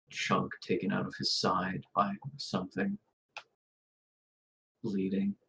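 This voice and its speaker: A man as game master, narrating a tabletop role-playing scene in a grave, unhurried second-person storytelling manner. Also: lowish voice, creaky, slight background noise, low-quality recording.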